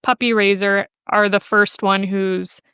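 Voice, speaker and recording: Smooth, clear-voiced woman telling a story. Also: medium pitch, steady tone, measured pace, a bit bright, dry recording, clean studio sound. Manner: chatty and emotional, quotes people in playful voices. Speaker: podcast guest, animal welfare researcher. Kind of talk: casual interview storytelling.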